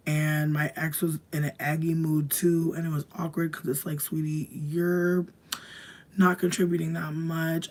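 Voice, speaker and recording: A young woman streamer with a deep voice tells a long personal story to her livestream. She talks in casual, profane slang, fills her speech with "like," and swings between hushed asides and loud bursts.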